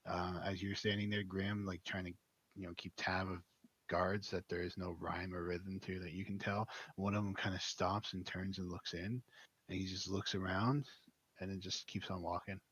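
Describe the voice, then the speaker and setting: A young man running a tabletop game as its dungeon master. His voice sits very low and husky, and he narrates in a relaxed way, stopping often for fillers. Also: normal speed.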